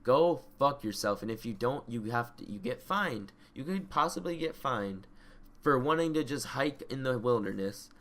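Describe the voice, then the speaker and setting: A young man co-hosting a podcast who gets fired up and swears freely while he rants. He talks at an ordinary pitch and in a casual, loose way that builds into heated outbursts. His voice is close on the mic. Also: expressive, moderate pace, a bit bright. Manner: profane, ranting, gets worked up. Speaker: podcast co-host. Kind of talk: casual chat.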